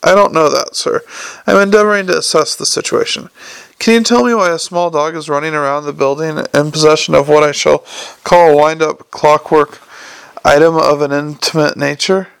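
A courteous, unflappable young police captain, earnest and formal, as a male audiobook narrator reads him. The voice sits a little high with a gravelly edge and a dry, close sound. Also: fairly even intonation, moderate pace, fairly bright tone, no echo. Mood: politely probing.

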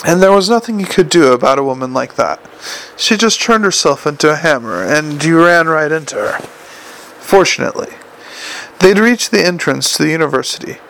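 A man narrating a comic novel for an audiobook in a wry, even storytelling manner. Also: fairly high pitch.

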